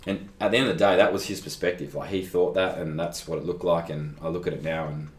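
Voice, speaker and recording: Deep-voiced and talking fast, a young Australian guest athlete shares a personal story in a relaxed interview. He's animated, acts out the conversations, and leans on "like" frequently, recorded in an echoey room.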